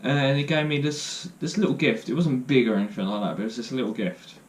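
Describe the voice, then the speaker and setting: A man's voice: medium pitch, fairly even intonation, fast. Joking young man telling stories. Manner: jokey, self-deprecating, rambling with fillers. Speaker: vlogger. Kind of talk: casual storytelling to camera.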